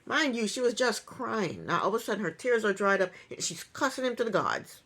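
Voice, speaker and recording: A woman's voice: mid-range voice, sing-song, fairly quick, a bit bright. A woman giving a casual reality TV recap in an opinionated, sarcastic way, with chuckling asides.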